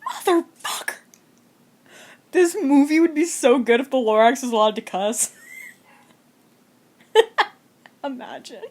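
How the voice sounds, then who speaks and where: Young woman, film reactor; profane, giggly, rambling commentary, slightly high voice. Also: expressive, unhurried, pauses often, darkish tone. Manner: swears a lot, laughs often, rambling reactions. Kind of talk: casual watch-along commentary.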